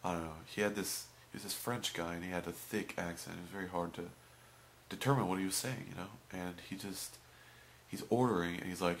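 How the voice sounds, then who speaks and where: A young man telling stories about a fast food job in a casual vlog. He swings between loud outbursts and muttered asides. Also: sits low, fairly even intonation, a little hiss or hum. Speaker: vlogger.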